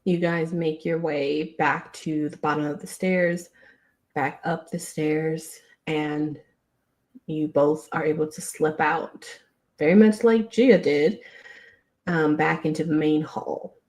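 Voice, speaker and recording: A woman narrating as game master of a tabletop game, relaxed and meandering. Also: low-pitched, slow, low-quality recording. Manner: relaxed, meandering with many fillers.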